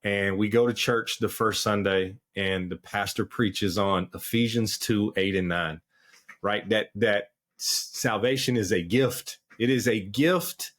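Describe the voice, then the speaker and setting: A man's voice: fairly low pitch, a bit bright. A man as a podcast guest, telling his personal testimony in an earnest, candid way with plenty of fillers. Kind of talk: personal testimony in casual conversation.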